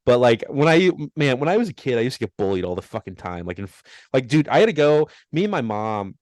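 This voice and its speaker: A man's voice: mid-range voice, sing-song, fast talker, a little mellow, dry recording. A young man co-hosting a podcast, rambling through a story with lots of laughter and self-mocking asides. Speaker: podcast co-host. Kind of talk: casual chat.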